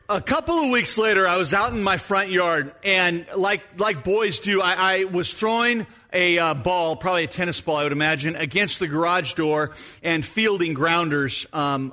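A middle-aged man preaching, weaving a personal story into his sermon. His voice sits high for a man and rings bright and forward. He tells it in an animated way, acting out his own moments as he goes. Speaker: pastor.

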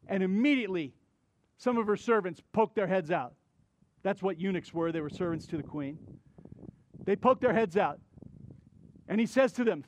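A male pastor delivering a sermon in a conversational, animated style, retelling a story with asides to the congregation. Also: high-pitched, moderate pace, a little hiss or hum.

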